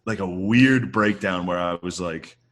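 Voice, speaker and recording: Podcast co-host, man, thirties, low voice, loose profane storyteller, casual comedy chat. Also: measured pace, fairly bright tone.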